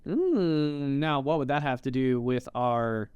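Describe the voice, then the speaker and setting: A man co-hosting a casual podcast, bantering with a joking, animated manner. His voice is smooth and clear, recorded close and dry with no room sound. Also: medium pitch, takes it slowly, dry recording, lo-fi sound. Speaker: podcast co-host. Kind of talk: casual chat. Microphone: podcast mic.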